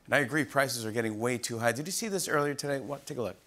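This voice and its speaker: A man's voice: medium pitch, rapid-fire, a little hiss or hum. A man in his forties hosting a late-night comedy monologue, giggling at his own jokes. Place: TV studio with live audience. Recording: broadcast with loud audience laughter.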